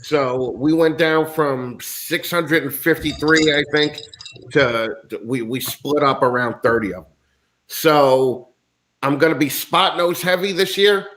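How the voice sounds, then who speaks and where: A man's voice: a little high, a little slow, fairly bright tone. A man from the United States, a guest in a casual chat, talking bluntly with lots of swearing and ranting.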